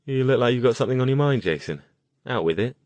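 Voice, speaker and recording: A man's voice: mid-range voice, animated, quick pace, darkish tone, dry recording, pitched above the performer's own voice, close to an everyday voice. A man voicing a composed, polite British mage with a clipped, understated way of talking. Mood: measured.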